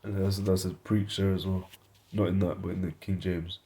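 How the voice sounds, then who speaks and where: A man's voice: low voice, level tone, normal speed, mellow. A man giving an informal Bible study lesson, reading verses and word definitions aloud, thinking aloud and correcting himself as he goes. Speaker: Bible teacher.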